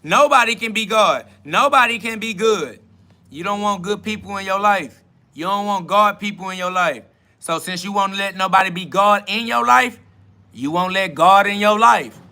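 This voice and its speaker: A man's voice: sits high, moderate pace, pushed and bright. A man hosting a spiritual podcast, preaching an improvised sermon in street slang, emphatic and profane with a repetitive cadence, recorded outdoors beside a road. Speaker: self-styled spiritual podcast host.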